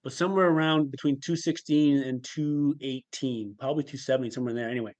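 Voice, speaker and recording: On a lo-fi recording, a male podcast guest shares a candid personal story in an even, ordinary voice at a middle pitch. He speaks reflectively and haltingly, often pausing and starting over as he recounts what happened to him.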